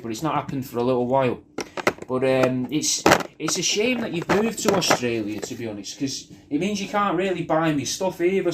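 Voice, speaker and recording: A man's voice: a little high, heavy background noise. A man rambling through a personal video message, swearing a lot and often restarting his sentences. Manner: rambling, sweary, self-deprecating, with many restarts.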